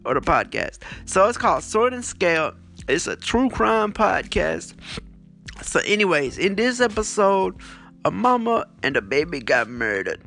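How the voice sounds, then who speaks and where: A man with a gravelly, fry-laden voice chats casually as a podcast host, recapping what he has been reading and watching. His storytelling is animated and rambling, full of swearing and fillers, and he records on a phone. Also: sits high, unhurried, soft background music. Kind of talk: casual chat, retelling books and shows.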